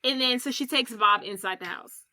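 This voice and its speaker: A woman co-hosting a podcast, recapping a film plot in a lively, casual way, acting out characters' lines and swearing freely. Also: on the high side, fairly quick. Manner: animated retelling with quoted voices and swearing. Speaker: podcast co-host.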